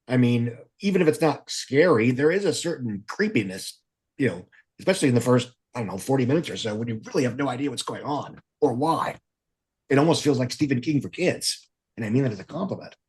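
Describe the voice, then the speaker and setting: Husky, lively male podcast co-host. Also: medium pitch, brisk. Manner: wry, opinionated. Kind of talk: casual podcast chat.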